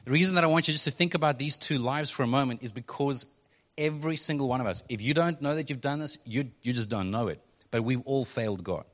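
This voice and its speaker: A pastor preaches in a loose, chatty way and slips into quick acted-out quotes. His voice sits at an ordinary middle pitch for a man. The sound rings with the long reverb of a church sanctuary. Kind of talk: sermon.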